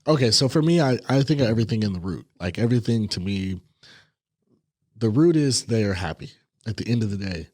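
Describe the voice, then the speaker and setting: Young adult male co-host, lowish and reflective, hesitant delivery, dry close mic. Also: expressive, a little fast, darkish tone, slightly rough, dry recording. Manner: reflective, hesitant, restarts sentences. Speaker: podcast co-host. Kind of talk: casual chat.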